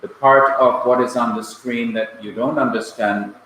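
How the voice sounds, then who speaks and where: A male Bible language teacher from Jamaica, lecturing a class slowly and patiently, repeating key points. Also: medium pitch, steady tone, a bit bright, slight background noise. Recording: echoey classroom, mic at a distance.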